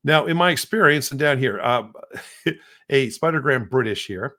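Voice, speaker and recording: A man co-hosting a podcast, chatting casually through a software demo with lots of fillers. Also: medium pitch, expressive, normal speed. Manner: rambling, many fillers. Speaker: podcast co-host.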